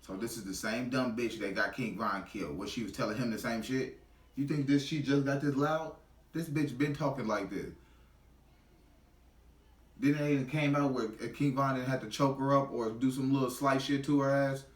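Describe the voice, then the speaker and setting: A man's voice: mid-range voice, normal speed, reverberant, far from the mic. A man giving a heated, profane reaction commentary in blunt street slang.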